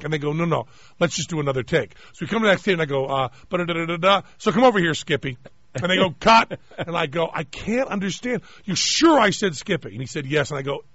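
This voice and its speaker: A radio host tells a lengthy humorous story in relaxed conversation, mimicking the voices of everyone involved with lots of animation. His fairly high voice is slightly rough with vocal fry, and the studio mic gives a dry, somewhat dull radio sound.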